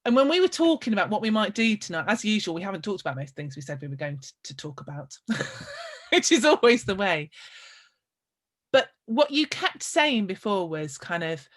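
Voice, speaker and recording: A woman, a storyteller hosting a conversation, reflecting aloud in a casual, animated way. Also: medium pitch, normal speed. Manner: animated, acts out quoted voices, thinks aloud.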